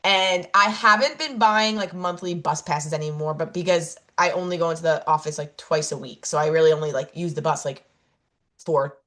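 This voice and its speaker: A woman's voice: low-pitched, fairly even intonation, moderate pace, sharp tone. Rambling, self-mocking woman telling a story. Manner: rambling storytelling with many fillers and self-corrections; laughs at herself while telling stories. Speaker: podcast co-host. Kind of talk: casual chat.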